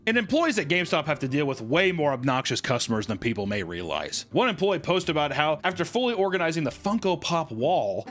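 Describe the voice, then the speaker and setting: A man reading a scripted video narration in a measured, informative way. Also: fairly high pitch, a bit bright. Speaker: documentary narrator.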